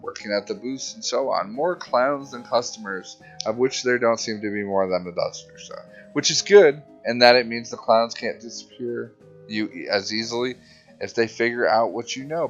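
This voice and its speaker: A man's voice: lowish voice, a bit bright, highs cut off. A young man hosting a let's play, casually rambling, swearing and reading game text aloud.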